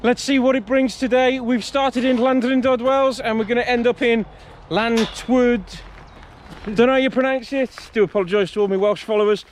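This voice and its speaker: A man's voice: very high voice, steady tone, moderate pace, a little hiss or hum. A British man narrating a hiking vlog outdoors on a countryside trail, chatty and jokey. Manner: chatty, jokey, self-mocking. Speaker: hiking vlogger.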